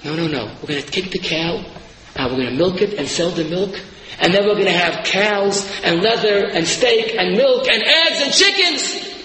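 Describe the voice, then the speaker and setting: A man voicing a poor widowed mother who patiently explains her plans in a lowered, calm voice. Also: moderate pace, a little hiss or hum. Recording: echoey hall.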